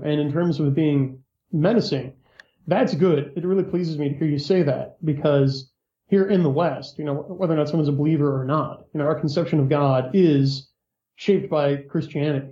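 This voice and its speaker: A man answering as an interview guest, measured and lecturing as he explains at length. His voice is mellow and a touch higher than most men's. It comes through a muffled, lo-fi mic in an echoey room.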